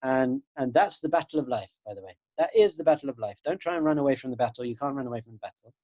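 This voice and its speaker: A man's voice: mid-range voice, fast talker, mellow, no echo. A man, a rabbi teaching students in an earnest, emphatic spiritual talk, often repeating his key phrases, heard over a video call. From England. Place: home room in Jerusalem. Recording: dull lo-fi online call audio.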